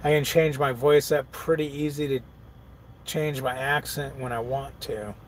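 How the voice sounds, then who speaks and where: A man's voice: medium pitch, fairly even intonation, a little slow, slight background noise. A middle-aged man, a truck driver, chatting casually on a live stream, reading viewer comments aloud, laughing often and riffing on them.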